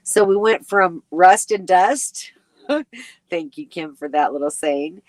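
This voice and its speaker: A woman with a fairly low voice chats through a casual live stream. She reads viewer comments aloud and rambles along with plenty of ums and small laughs. She sounds sleepy, and her voice comes across dry and close, with no room echo. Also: expressive, takes it slowly. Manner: chatty and rambling, with frequent ums and little laughs. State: sleepy and yawning. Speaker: RV travel vlogger hosting a live chat.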